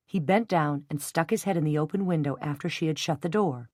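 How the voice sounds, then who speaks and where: Reading from a novel, a woman working as an audiobook narrator keeps her storytelling even and measured. Her voice sits low. The recording is dry and studio quality, and the reading is scripted.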